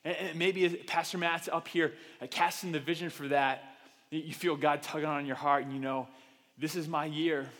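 Man, pastor, high voice, animated sermon, church hall reverb. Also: brisk. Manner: animated, self-deprecating, acts out quoted voices. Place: church auditorium.

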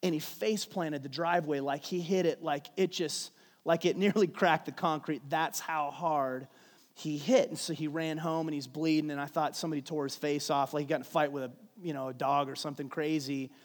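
Long hall reverb surrounds a pastor whose voice sits on the high side, fairly quick and fairly even in intonation. During a sermon with personal stories, he recounts a family story in a conversational way, frequently restarting.

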